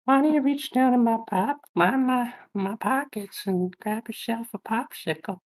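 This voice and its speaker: A man putting on the voice of a creepy, lecherous old man, slow and drawn out. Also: extremely high pitch, poor audio.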